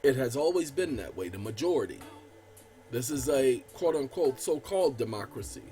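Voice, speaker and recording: A man's voice: medium pitch, animated, moderate pace, mellow, faint music behind. A man hosting his own channel, casually explaining a legal document to viewers as he edits it on screen. He talks emphatically, calls his audience y'all, reads legal text aloud with stress on key words, and often stammers and restarts. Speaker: channel host.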